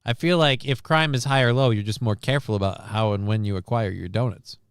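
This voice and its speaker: This man runs a live stream of casual news commentary, often wandering off into sarcastic, rambling tangents. He speaks briskly at medium pitch, his voice smooth and clean, recorded close-up in a totally dry space with no echo or room sound.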